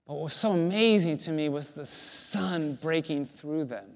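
A man preaching as a pastor, his voice sitting a little higher than most men's. He tells a personal story in a relaxed, conversational and self-deprecating way. His words ring out with a long reverb, as if in a large hall. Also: moderate pace. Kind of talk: sermon.

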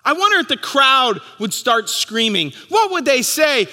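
A man in his thirties preaching a sermon as pastor, telling stories and acting out the crowd's shouts. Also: very high voice, big pitch swings, unhurried, hardly any pauses. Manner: storytelling, acting out crowd voices. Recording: long hall reverb.

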